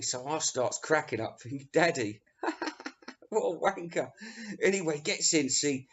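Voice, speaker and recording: A man's voice: a little high, expressive, moderate pace. A middle-aged man from England, telling rambling, sweary anecdotes as a music reviewer. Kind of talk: casual storytelling. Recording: dull lo-fi recording.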